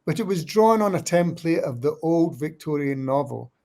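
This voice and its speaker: A man with a Scottish accent, answering interview questions as a guest author in an eloquent, measured, reflective way. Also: on the high side, animated, vocal fry, darkish tone. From Scotland.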